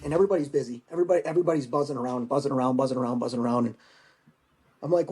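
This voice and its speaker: A man in his forties, a veteran guest on a podcast, recounting a personal war story in a halting, emotional way with rough language. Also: mid-range voice, dark tone.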